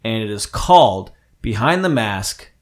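A man's voice: on the low side, a little slow. A man in casual podcast chat, swearing freely and acting out quotes as he tells stories. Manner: excitable storyteller, swears freely, acts out quotes. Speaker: podcast host.

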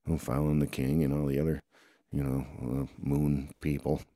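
A man's voice: extremely low pitch, little pitch movement, normal speed, dark tone, no echo, clean studio sound. A man improvising a playful story, rambling along with lots of groans and "oh boy" asides. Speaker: storyteller voicing toy characters.

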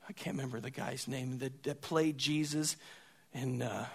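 A man preaching a sermon, moving between quiet, hushed stretches and loud, raised passages, and often repeating a word as he restarts. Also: medium pitch, steady tone, moderate pace, husky. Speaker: pastor.

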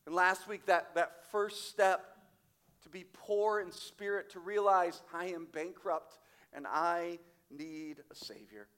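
A man preaching a sermon as pastor, emphatic, slowing down for quoted scripture. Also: sits high, clear, resonant tone. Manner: emphatic, varies loudness widely, slows on quoted scripture. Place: church sanctuary.

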